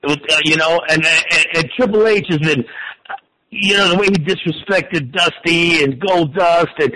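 A man in his forties talks sports in a bright, high voice. He is excitable and swears freely, tripping over stammered restarts as he rushes on. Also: poor audio. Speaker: wrestling and football pundit guest. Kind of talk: excited casual sports talk.

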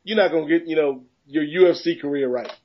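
A man co-hosting a casual sports podcast, joking and rambling through animated riffs. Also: on the high side, fast talker. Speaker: podcast co-host. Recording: dull lo-fi podcast audio.

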